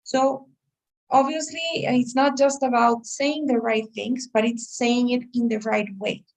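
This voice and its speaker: Creaky-voiced woman teaching English. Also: a little high, steady tone, a little slow. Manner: explains patiently, checks in with "okay, guys?". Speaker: English test-prep teacher. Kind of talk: online class explanation. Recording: voice a little far from the mic.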